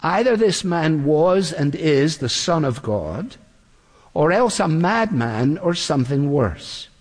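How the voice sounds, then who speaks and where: A man preaching an earnest expository sermon. He slows down when he quotes scripture. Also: a little high, sing-song, long reverb tail.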